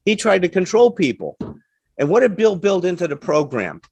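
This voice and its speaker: A man's voice: high voice, sing-song, normal speed, vocal fry, darkish tone, husky, no room sound. A man giving a lecture to a live audience, speaking in a plain, emphatic, conversational way and often checking in with "right?". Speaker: guest speaker on addiction recovery. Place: talk in front of a seated audience.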